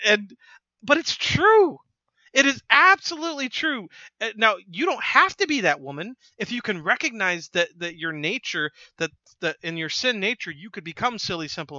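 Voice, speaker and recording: A man's voice: high-pitched, bright, forceful tone, no echo, muffled recording. A man hosting an opinion commentary, talking emphatically in a preachy way and often restarting his sentences. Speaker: host.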